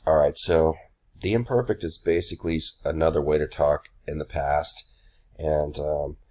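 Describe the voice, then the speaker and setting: A young man giving a relaxed recorded grammar lesson as a Spanish teacher, with many ums and uhs. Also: rumbling low, moderate pace.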